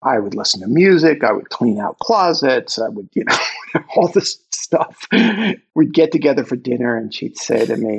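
Gravelly, husky man telling stories. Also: mid-range voice, moderate pace, rough recording. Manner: emotional, animated retelling of conversations. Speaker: interview guest, author. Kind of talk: reflective storytelling.

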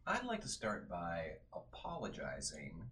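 A man's voice: low voice, wildly swooping pitch, measured pace, a bit bright. A man playing in a tabletop game, speaking earnestly and apologetically. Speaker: player.

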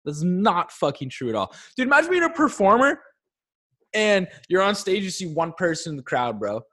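A man's voice: high voice, sing-song, normal speed, bright, forceful tone. A young man co-hosting a podcast, talking bluntly with lots of swearing in casual chat. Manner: profane, blunt, bro-ish. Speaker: podcast co-host.

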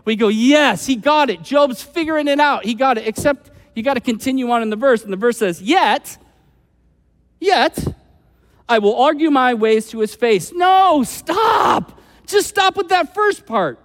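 A man delivers a sermon from the pulpit, his voice pitched high and light. He talks casually, sprinkling in asides and bringing quoted people to life. The big room carries a long, lingering reverb after each phrase. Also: moderate pace. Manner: animated, acts out quoted voices; conversational, with frequent "like" asides. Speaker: pastor.

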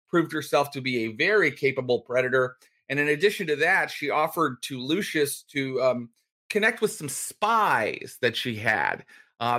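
Bright-voiced man hosting a tabletop game. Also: fairly high pitch. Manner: chatty, many fillers, quick recap. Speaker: storyteller, host.

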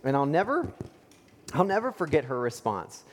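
A man's voice: a little high, big pitch swings, moderate pace, slight background noise. A male pastor preaching a sermon in a conversational storytelling way, with fillers and rhetorical questions. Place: church sanctuary. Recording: long church reverb.

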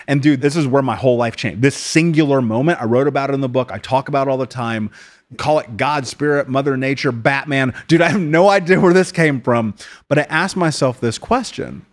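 A man from the United States in his late thirties, a podcast guest telling his story bluntly in casual interview talk, swearing often and calling people dude. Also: mid-range voice.

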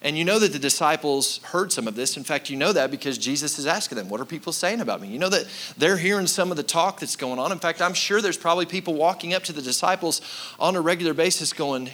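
A man's voice: fairly high pitch, expressive, quick pace, fairly bright tone. A man preaching a sermon as pastor, speaking emphatically and repeating key lines while addressing the congregation directly.

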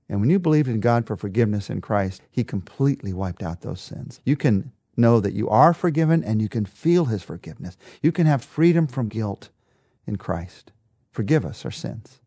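A man's voice: mid-range voice, sing-song, normal speed, a little mellow, no room sound, clean studio sound. A man preaching a devotional sermon, emphatic, with a repetitive rhetorical rhythm.

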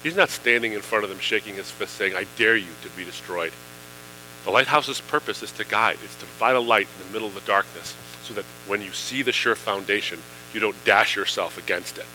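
A man's voice: on the low side, brisk, sharp tone, a little hiss or hum, poor audio. A man preaching a sermon in a conversational way, with fillers, building to emphatic questions. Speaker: pastor.

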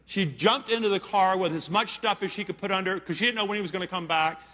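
A man's voice: sits high, quick pace, pushed and bright. A man preaching a sermon, telling a story in an earnest, emphatic way and checking in with his listeners. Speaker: pastor. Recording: long hall reverb.

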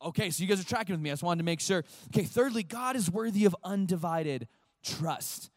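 Animated man preaching to youth. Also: sits high, a little fast, dry recording, studio quality. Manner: animated, chatty, acts out voices. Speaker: pastor. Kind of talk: casual youth sermon.

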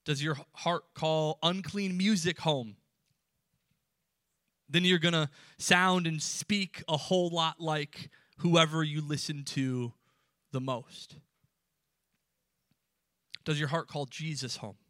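A man delivers a sermon with emphatic, rising phrases that fall to hushed endings. His voice is bright and a little high. The recording is dry and close. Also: fairly even intonation, slow pace, pauses often, dry recording. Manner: emphatic preaching with sudden drops to quiet. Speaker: pastor.

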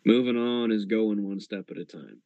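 A man playing a tabletop role-play game, speaking calmly in character with dry, teasing remarks. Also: fairly low pitch, moderate pace, no echo, dull audio.

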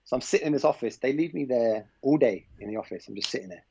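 A man's voice: mid-range voice, fast talker, vocal fry, dark tone, slight background noise. A man from England, guesting on a podcast and telling a personal story in a loose, conversational way. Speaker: podcast guest, basketball coach. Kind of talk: casual storytelling in an interview. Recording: slightly dull, lo-fi podcast audio.

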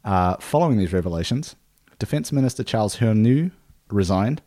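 A low-voiced man hosts a casual history podcast, relaxedly working through his notes. He fills pauses with "uh" and "um" and laughs easily.

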